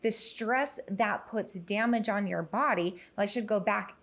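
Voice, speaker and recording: A woman's voice: mid-range voice, fairly bright tone. A woman podcast guest talking about youth mental health in an earnest, emphatic way, in casual conversation. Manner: earnest, emphatic, quick to explain.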